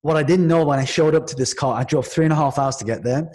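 A man from Manchester telling a story as a podcast guest, his voice sitting a little higher than most men's. He talks in a lively, conversational way, restarting phrases and acting out what people said. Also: quick pace. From Manchester, England. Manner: lively, with frequent restarts and acted-out quotes. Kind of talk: animated storytelling in casual conversation.

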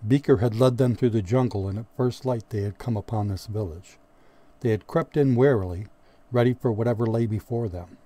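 Man narrating with a dark, mellow tone. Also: on the low side, brisk. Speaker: audiobook narrator. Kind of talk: scripted narration.

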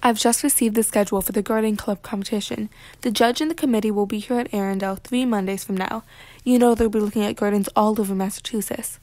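A woman's voice: medium pitch, fairly even intonation, quick pace, dark tone, no room sound, close to an everyday voice. A woman voicing a snooty, impatient rich woman who owns a grand garden, speaking sharply. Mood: imperious.

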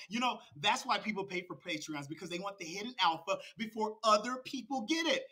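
Hoarse, high-pitched man ranting on a stream. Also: lively intonation, brisk, hardly any pauses, bright, forceful tone. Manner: mocking, confrontational; high-strung. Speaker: crypto livestream host. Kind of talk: livestream rant.

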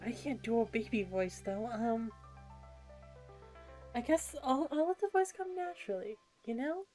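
Excitable woman streamer over game music. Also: a little high, measured pace. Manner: chatty, excitable, self-mocking. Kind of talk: casual game commentary.

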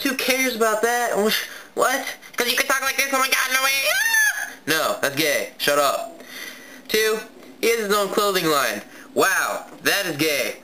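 A young man with a very bright, sharp, somewhat high voice, venting irritation in a blunt rant. He circles back over the same complaint and trips into restarts. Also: slight background noise, low-quality recording. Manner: irritated, blunt, repeats himself. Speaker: vlogger. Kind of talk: angry webcam rant.

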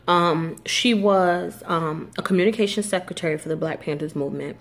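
A young woman from New Jersey talks straight to her viewers in a casual vlog. She speaks quickly and chattily, full of fillers and restarts, in a slightly low voice. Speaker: vlogger. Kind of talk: casual talk to camera.

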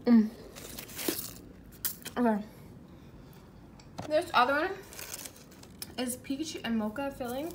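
A woman with a fairly high voice chats casually to her camera on a solo trip. She is candid and talkative, tasting pastries and giving her thoughts between bites. Faint background noise sits under her voice. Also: lively intonation, slow, pauses often. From not from Hawaii. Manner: chatty and candid, tasting food between remarks. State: irritated and tired. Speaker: travel vlogger. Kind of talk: casual vlog talk to camera. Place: indoors, hotel room and on the go.

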